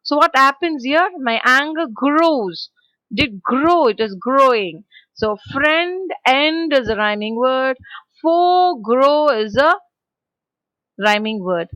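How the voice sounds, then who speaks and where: High bright Indian English woman teaching. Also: lively intonation, takes it slowly, no room sound, poor audio. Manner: explains line by line, repeats verses, asks rhetorical questions. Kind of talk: poetry lesson for school children.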